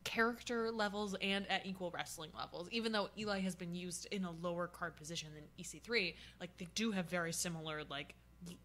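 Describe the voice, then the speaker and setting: A young woman co-hosts a laid-back podcast, mostly reacting with short agreements and joining in the laughter. Her voice is bright and clear, and she sometimes builds her own point at length. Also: on the low side, fairly quick. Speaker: podcast co-host. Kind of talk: casual wrestling chat.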